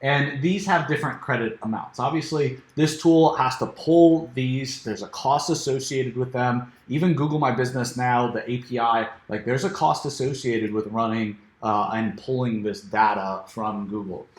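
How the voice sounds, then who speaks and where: A man giving a casual screen-share software walkthrough, full of fillers and restarts, saying he is losing his voice. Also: medium pitch, steady tone, moderate pace, hardly any pauses. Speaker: software reviewer. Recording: echoey room.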